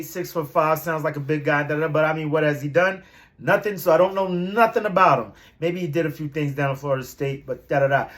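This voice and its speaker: A young man vlogging about his team in a loose, slangy ramble. His voice runs a little higher than most men's. Every so often he breaks into loud, hyped-up shouts before settling back into easy chatter. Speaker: sports fan vlogger. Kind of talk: casual fan commentary.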